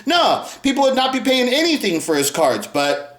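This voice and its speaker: A man's voice: very high-pitched, big pitch swings, moderate pace, a bit bright, reverberant. A man delivering an angry, profane rant to camera, mocking others in put-on voices. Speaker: sports card YouTuber.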